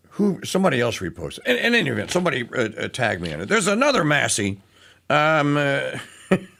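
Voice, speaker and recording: A male talk radio host in mid-monologue, his voice sitting a bit high and swinging widely in pitch. He sounds sarcastic and animated, often stumbling and restarting as he goes.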